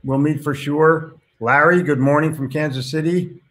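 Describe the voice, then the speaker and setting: A man's voice: a little high, fairly even intonation, normal speed, a bit bright. A man hosting a casual live stream, reading viewer comments aloud and reacting to them in a blunt, chatty way with casual swearing.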